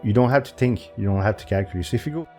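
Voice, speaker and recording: Over soft background music, a man races through his thoughts in a mellow voice, working out chess puzzles for his channel. He hesitates and mutters to himself, restarting often and jumping in pitch.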